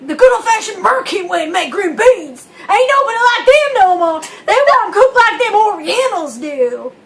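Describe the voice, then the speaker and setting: A woman putting on a loud, mock-folksy backwoods voice that drawls in a mocking way. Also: very high-pitched, sing-song, moderate pace, crowd noise, pitched above the performer's own voice, full character voice.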